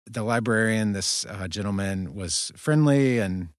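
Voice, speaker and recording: A friendly man interviews his guests over a video call, telling stories in a relaxed, animated way. His voice sits low. The sound is dry and close. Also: a little slow, no room sound. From United States. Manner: friendly, chatty, animated storytelling. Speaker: podcast host.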